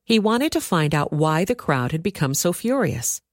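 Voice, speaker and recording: Woman reader, lowish voice, dry close sound, steady scripture reading. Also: dry recording. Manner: steady, measured storytelling.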